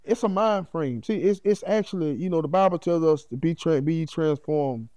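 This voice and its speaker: A middle-aged man speaks as a podcast guest, his voice pitched a touch high yet warm and dark in tone. He tells his story in an animated, heartfelt way and keeps checking in with "you know what I mean." The sound is dry, with no room around it. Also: normal speed, no room sound.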